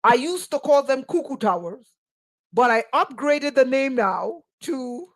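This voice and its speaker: Emphatic woman, slow and pointed. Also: high voice, animated. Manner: emphatic, rhetorical questions, sarcastic asides. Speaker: spiritual teacher. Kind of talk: impassioned spoken monologue.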